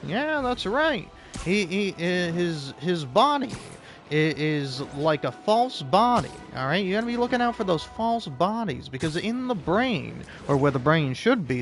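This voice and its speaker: A jittery, conspiratorial male voice, as a man puts it on, pitched up above his usual talk and pressing urgently, with faint music underneath. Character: paranoid whispering conspiracy voice, male.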